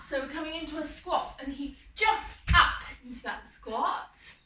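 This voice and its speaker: A woman with an English accent, a primary school teacher, gently guiding children through a yoga lesson with slow, step-by-step instructions. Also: high voice. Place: indoor room. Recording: roomy, distant mic, faint noise.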